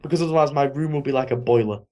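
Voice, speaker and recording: A man's voice: mid-range voice, very fast, darkish tone. A man chatting casually on a gaming podcast, talkative and self-mocking. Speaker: podcast co-host.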